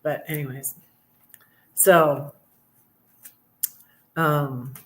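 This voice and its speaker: A woman's voice: low-pitched, steady tone, drawn-out words. A middle-aged woman hosting a live stream, rambling and sarcastic, getting heated about politics. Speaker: livestream host. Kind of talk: casual political rant.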